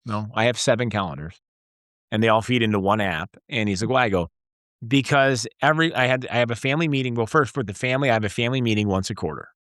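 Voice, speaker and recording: A man in his forties, a guest entrepreneur, telling stories in a casual interview and acting out bits of dialogue with lively energy. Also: mid-range voice, quick pace, no echo, studio quality. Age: 40s. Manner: energetic storyteller, acts out dialogue.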